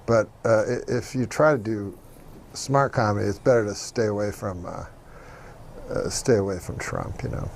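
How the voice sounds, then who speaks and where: A man, a comedian guest, giving interview answers in a halting manner with many hesitations. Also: lowish voice, vocal fry, a little hiss or hum.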